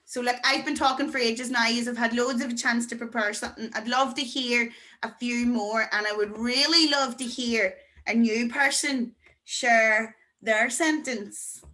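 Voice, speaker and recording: A woman teaching to beginners over a video call, chatty and encouraging, slowing down to pronounce words. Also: on the high side, fairly even intonation, sharp tone. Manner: chatty, encouraging, slow deliberate pronunciation. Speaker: Irish language teacher. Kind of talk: online beginner class.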